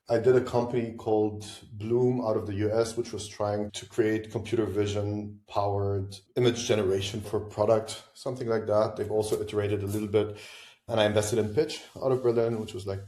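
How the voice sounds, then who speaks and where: Low, mellow-voiced man in an echoey room. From Lebanon. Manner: reflective, thinks aloud with asides and restarts. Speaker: podcast guest, venture investor. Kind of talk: conversational interview answers. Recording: roomy echo.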